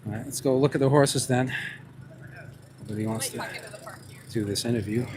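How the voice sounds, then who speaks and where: A man's voice: mid-range voice, steady tone, normal speed, crowd noise. A man doing a confrontational street vlog in a put-on New York accent, firing leading questions at passersby outdoors and muttering asides to a tripod camera. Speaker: street interviewer.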